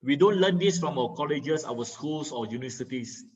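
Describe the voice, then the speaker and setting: A man with a slightly raised voice gives an online skills lesson. He talks like a patient teacher, fills pauses with a string of "uh"s and keeps asking "okay?" to check on his listeners. His voice comes through a muffled video-call line. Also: fairly high pitch, animated. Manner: teacherly, many filler "uh"s, checks understanding with "okay?". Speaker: communication skills trainer. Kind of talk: online training lecture.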